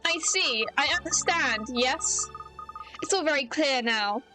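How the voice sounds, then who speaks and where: A woman reading aloud as a cheerful young woman detective, brisk and teasing. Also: high-pitched, expressive, over music, rough recording.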